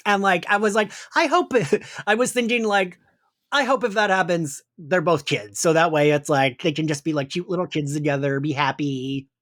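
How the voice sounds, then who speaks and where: A man's voice: fairly high pitch, moderate pace, fairly bright tone. A man co-hosting a podcast in casual chat, rambling and peppering his talk with "like". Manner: chatty, rambling, full of "like" and restarts. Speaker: podcast co-host.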